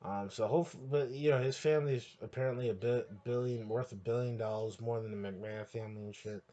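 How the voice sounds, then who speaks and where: A man hosting a podcast, ranting crudely and heatedly, rambling with restarts and sudden bursts of near-shouting. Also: medium pitch, fairly even intonation, brisk, dull audio. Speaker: podcast host. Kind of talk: profane solo rant.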